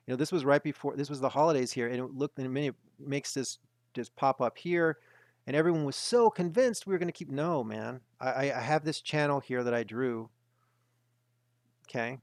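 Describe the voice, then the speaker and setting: A man's voice: mid-range voice, normal speed, no echo. Insistent man in a dry webinar talk. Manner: emphatic, repetitive, insistent. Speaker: market analyst hosting a webinar. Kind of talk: webinar market commentary.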